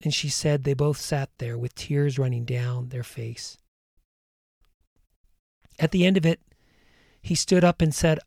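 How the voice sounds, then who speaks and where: A man hosting, earnestly retelling a story and guiding a calm breathing meditation. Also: mid-range voice, measured pace, creaky, long pauses, no room sound, studio quality.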